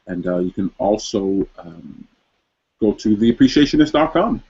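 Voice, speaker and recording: A man with a husky, slightly rough voice hosts a casual livestream, chatting loosely and rambling with plenty of filler words. He talks into a webcam on a video call, and the audio comes through dull and lo-fi. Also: fairly low pitch, animated, moderate pace, a little mellow. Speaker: host.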